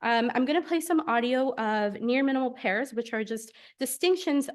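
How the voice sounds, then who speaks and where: Young female graduate student, fairly high pitch, careful explanatory delivery for a research presentation. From United States. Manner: explanatory, with frequent filler pauses.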